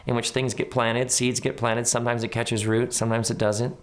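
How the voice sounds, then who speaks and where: A middle-aged man speaks as an interview guest, thoughtful and conversational. He tells stories and slips into the voices of the people in them. His pitch sits at an ordinary middle level. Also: a little fast. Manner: animated, acts out quoted voices in his stories. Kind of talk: reflective conversational storytelling.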